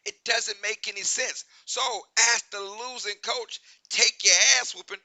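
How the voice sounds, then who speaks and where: A man hosting a sports talk show, giving animated, emphatic opinions and often asking "right?". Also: high-pitched, a little slow, dry recording, rough recording.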